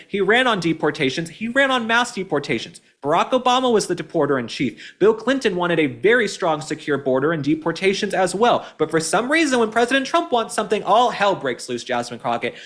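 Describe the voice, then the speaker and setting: A male commentary host from Texas in an indignant, mocking rant. His voice runs high and leaps about in pitch, and he keeps the delivery lively and sarcastic. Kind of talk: political commentary.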